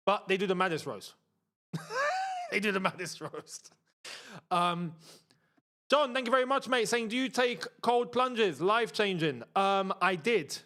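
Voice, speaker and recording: A young man hosts a live football watchalong, his high, light voice sounding pushed and bright. He keeps things casual and full of slang, reading out viewers' messages in between.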